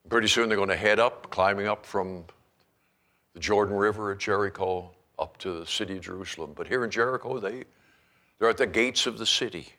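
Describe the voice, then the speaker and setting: A man pastor preaching a sermon in an animated storytelling manner, acting out scenes as he goes. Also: on the low side.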